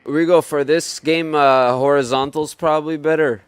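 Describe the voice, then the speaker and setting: Brief: a relaxed guy commenting on his gameplay, smooth and clear, with faint music behind him. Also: on the high side, moderate pace, no echo. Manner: laid-back, chatty, says bro and dude. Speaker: gamer.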